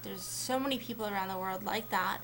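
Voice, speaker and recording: A woman's voice: medium pitch, fairly quick, vocal fry, fairly bright tone, soft background music. A young woman talking casually to camera on a shared vlog channel, rambling with many fillers and restarts. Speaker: vlogger on a collab channel.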